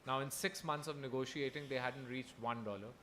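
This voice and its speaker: A young man from Pakistan telling his own story on a festival stage, earnest and halting, with many restarts. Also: medium pitch, fairly bright tone, slight background noise. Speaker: festival speaker. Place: festival hall.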